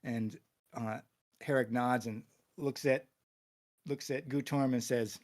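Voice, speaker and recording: A man running a tabletop game as its game master. He narrates the scene in a casual, halting way, with plenty of fillers, and his voice sits at a middle pitch. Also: steady tone, darkish tone.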